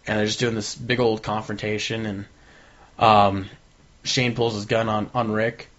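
A man's voice: fairly low pitch, little pitch movement, measured pace, fairly bright tone. A man chatting casually on a podcast, retelling a TV episode with energy and acting out the characters' lines. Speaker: podcast co-host. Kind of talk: casual chat recapping a TV episode. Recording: dull lo-fi sound.

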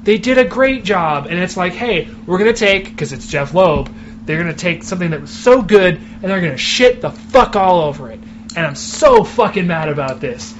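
A man's voice: sits high, expressive, moderate pace. A man co-hosting a podcast in casual chat, ranting with heavy swearing. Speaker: podcast co-host. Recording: muffled recording with clear background noise.

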